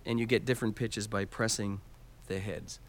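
A man's voice: on the low side, fairly even intonation, normal speed, loud music behind the voice. A man teaching Latin percussion, explaining each instrument step by step and counting out beats aloud. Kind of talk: instructional demonstration. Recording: loud background noise.

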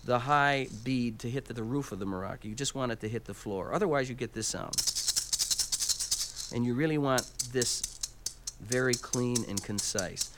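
A man teaching Latin percussion, explaining each instrument step by step and counting out beats aloud. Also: medium pitch. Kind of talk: instructional demonstration. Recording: loud background noise.

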